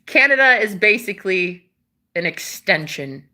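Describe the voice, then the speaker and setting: A woman's voice: lowish voice, lively intonation, moderate pace, fairly bright tone. A young woman from the United States who hosts a livestream, chatting casually to viewers about spirituality and life, meandering, swearing freely and laughing often. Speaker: livestream host.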